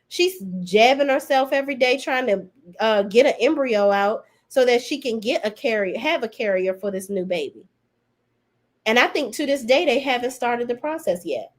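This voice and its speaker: A woman hosting a podcast, giving a casual, blunt and sassy recap of a reality show in slangy talk. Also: on the high side. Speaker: podcast host reviewing reality TV. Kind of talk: casual opinionated recap commentary.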